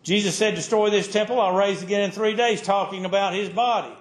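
A man with a high voice preaches a sermon, driving his points home in repeated, emphatic phrases. His voice rings out in an echoey room. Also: steady tone, fairly quick. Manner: emphatic, repetitive preaching cadence.

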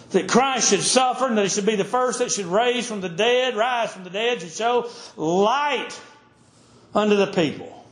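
A man preaching a sermon with fervent delivery, his voice swinging widely between high and low and between loud and soft. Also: animated, measured pace, roomy sound.

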